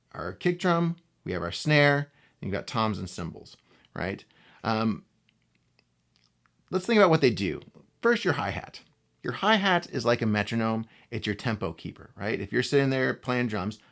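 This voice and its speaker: A man teaching a casual guitar lesson, speaking in a relaxed way and often checking in with the viewer. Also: on the low side, gravelly. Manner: relaxed, talks to the viewer with frequent "right?" and "okay?". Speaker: guitar instructor.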